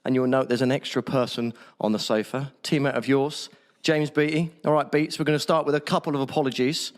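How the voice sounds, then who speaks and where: A man's voice: mid-range voice, steady tone, brisk. A man hosting a podcast, introducing his guests and teasing them in an upbeat way. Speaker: podcast host. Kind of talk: casual chat.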